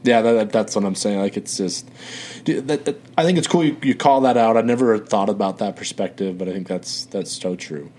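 A man with a lowish voice hosts a relaxed podcast chat, feeling his way into questions with repeated words. There is faint noise in the background. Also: brisk. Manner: friendly, repeats words while framing questions. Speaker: podcast host. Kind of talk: casual interview chat.

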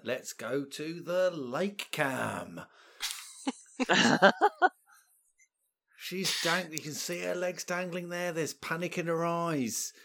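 A man running a tabletop game, who narrates events as a jokey, deadpan sports commentator. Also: fairly high pitch. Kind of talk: playful mock sports commentary.

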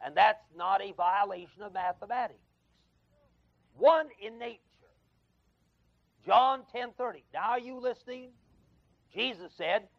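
A man's voice: high voice, expressive, a little slow, creaky, pauses often. A man teaching an adult Bible class in a classroom, emphatic, repeating key words and quizzing his listeners. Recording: dull lo-fi 1979 class recording.

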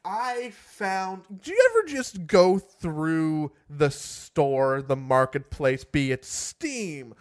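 A man hosting a casual podcast, rambling and self-deprecating in quick bursts, with a groggy morning voice. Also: fairly high pitch, big pitch swings. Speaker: podcast host.

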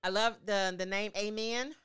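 A woman co-hosting a casual sports podcast, speaking in a playful, halting manner. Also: mid-range voice, fairly even intonation, a bit bright, clean tone. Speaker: podcast co-host.

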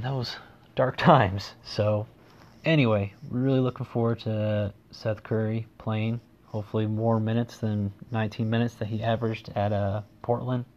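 A man's voice: lowish voice, darkish tone, dull audio, a little hiss or hum. A man hosting a solo sports podcast, talking casually and rambling, with dry sarcasm. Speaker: podcast host.

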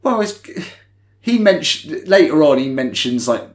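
A man's voice: on the high side, big pitch swings, unhurried. A man co-hosting a podcast, chatting casually as he recaps a film scene by scene. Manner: chatty, retells scenes in quoted voices. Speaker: podcast co-host. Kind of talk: casual film-review chat.

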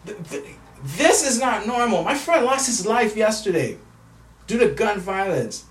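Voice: mid-range voice, sing-song, a little slow. A vlogger in an angry personal rant, upset, stammering and repeating words, with heavy swearing. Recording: roomy echo, distant from mic.

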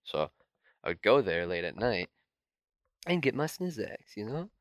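Lower-voiced young man telling rambling stories. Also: sing-song, measured pace, no echo, studio quality. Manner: rambling storyteller, swears freely, laughs often. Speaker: podcast co-host. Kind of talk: casual chat.

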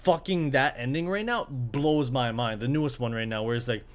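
A man in an easygoing, unscripted monologue, his voice sitting at an ordinary middle pitch. He rambles from thought to thought, swears constantly and gets worked up as he goes. He records alone in his apartment. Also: normal speed. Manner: excitable, profane, loose and rambling. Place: apartment room by a window.

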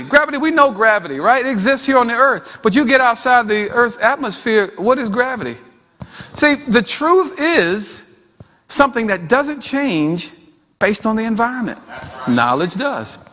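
A man preaching a sermon, animated, acting out voices with folksy asides. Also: sits high. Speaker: pastor. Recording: long hall reverb.

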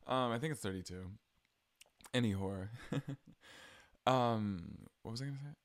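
A man's voice: medium pitch, measured pace, a little hiss or hum. A young man with a Southern accent, chatting casually on his solo podcast with frequent ums and likes. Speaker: podcast host.

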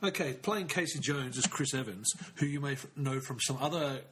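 A man's voice: medium pitch, brisk, a bit bright, slight background noise. A man hosting a podcast in casual chat, swearing freely and laughing often. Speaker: podcast host.

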